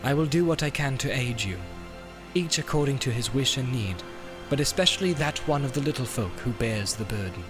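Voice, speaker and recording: A man's voice: medium pitch, lively intonation, fairly quick, music in the background, natural voice. A man reading an audiobook, voicing a proud, wise elf lord who speaks sternly and formally.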